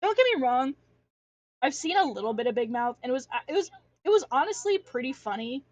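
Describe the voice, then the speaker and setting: A young adult woman who streams her art chats casually on a livestream while she draws, rambling and ranting with plenty of filler and restarts. Her voice sits high with lively intonation and a slightly fast pace. The recording is lo-fi with no echo.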